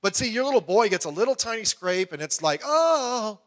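A middle-aged male pastor delivering a sermon in a rather high voice. He talks in an animated way and slips into quoted voices with big leaps in pitch. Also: quick pace.

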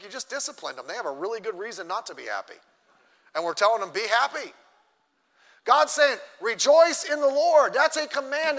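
Pastor guy preaching, really high bright voice, big church reverb. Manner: emphatic preaching, rising and dropping in loudness. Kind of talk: sermon. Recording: long hall reverb.

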